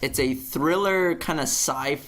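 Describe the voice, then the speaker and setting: Animated, profane young man ranting on a podcast. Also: measured pace. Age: young adult. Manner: profane, animated ranting with sudden pitch jumps. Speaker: podcast co-host. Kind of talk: casual chat.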